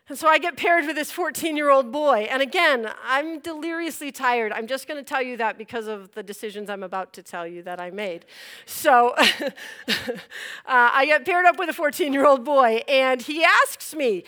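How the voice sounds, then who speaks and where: A young woman telling a personal story in an animated way, acting out her own reactions and laughing as she goes. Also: high-pitched, normal speed.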